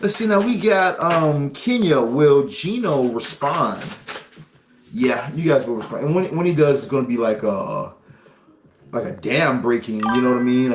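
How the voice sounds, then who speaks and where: A man giving live tarot answers in a loose, joking way, laughing often and swearing freely. His voice sits at an ordinary middle pitch, and the room around him sounds echoey. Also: slight background noise. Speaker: tarot reader on a live stream. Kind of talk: casual live-stream reading.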